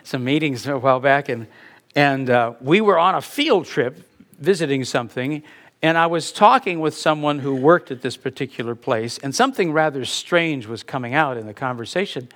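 A man's voice: mid-range voice, expressive, normal speed, a bit bright. A middle-aged man preaching a sermon in a conversational manner, telling anecdotes and chuckling at his own stories. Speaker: pastor.

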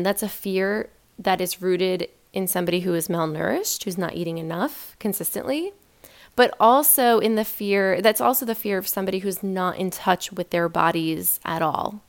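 Woman podcast host, solo casual monologue, emphatic, filler-heavy, middle-pitched voice. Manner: chatty and emphatic, many fillers and rhetorical questions.

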